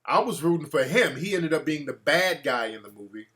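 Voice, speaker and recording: A man's voice: fairly high pitch, sing-song, fairly quick, pushed and bright. A man hosting a casual call-in show, talking in a brash, profane way and reacting to his live chat. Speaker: talk show host.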